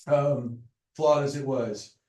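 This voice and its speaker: Speaking slowly with a mellow, mid-range voice and fairly even intonation, a man gives a casual university lecture full of jokes and frequent "right?" check-ins. The recording is distant and off mic, with the echo of a lecture hall.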